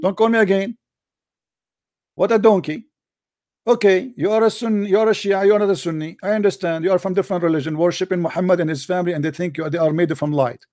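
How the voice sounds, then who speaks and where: A high-pitched man runs a call-in debate with open scorn. He talks over his caller and mocks him without letup. The sound is close and dry. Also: fairly even intonation, fast talker, a little mellow, dry recording. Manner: mocking, combative, insulting. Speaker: debate show host.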